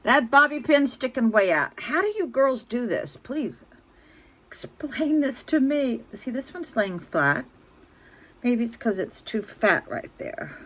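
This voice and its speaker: A woman's voice: on the high side, big pitch swings, slow. A woman in her sixties, venting bluntly and ramblingly to her phone camera. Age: 60s. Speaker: vlogger.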